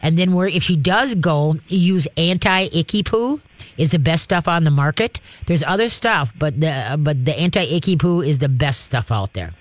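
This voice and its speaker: A man's voice: a little high, lively intonation, moderate pace, no room sound. A man hosting a call-in radio show about dogs, giving folksy, chatty advice and checking in with "okay?" and "all right?" as he goes. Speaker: radio show host, dog trainer.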